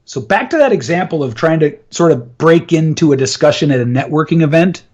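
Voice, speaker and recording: A man's voice: on the high side, animated, a little fast, darkish tone, breathy edge, lo-fi sound. A man in an interview, enthusiastically explaining voice and communication techniques and often laughing. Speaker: voice and communication coach.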